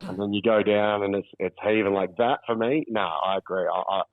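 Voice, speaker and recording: Over a dull, lo-fi call line with no echo, a man with a lowish voice talks briskly and with fairly even intonation. He's an Australian calling a podcast from a holiday overseas, keeping the chat casual and relaxed and swearing a lot.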